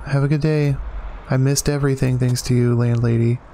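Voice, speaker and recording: A man hosting a casual let's-play, chatting to himself and reading game text aloud with excited exclamations. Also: medium pitch, brisk, slight background noise. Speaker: gaming channel host.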